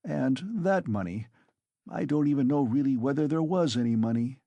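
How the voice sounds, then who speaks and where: Brief: tormented bitter young student, gravelly pleading voice read by a man. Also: medium pitch, lively intonation, normal speed, dark tone, dry recording, muffled recording. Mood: brooding. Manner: anguished pleading. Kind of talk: audiobook character reading.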